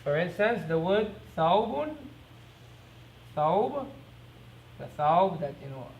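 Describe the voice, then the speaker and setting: A man teaching an Arabic lesson, repeating each word slowly and asking quick rhetorical questions as he writes on a board. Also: sits high, very animated, darkish tone, slight background noise. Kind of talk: recorded classroom lesson.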